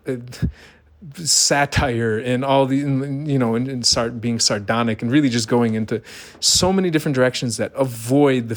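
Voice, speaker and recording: A middle-aged man giving an earnest, emphatic monologue, asking rhetorical questions. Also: medium pitch. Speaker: vlogger. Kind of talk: personal monologue.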